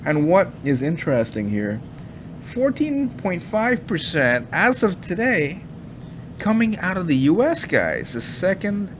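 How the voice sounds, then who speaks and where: A man's voice: sits high, wildly swooping pitch, a little slow, a little hiss or hum. Rambling, skeptical man in casual commentary. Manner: rambling and chatty, with fillers and many asides; skeptical, mocking tone. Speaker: crypto commentary vlogger.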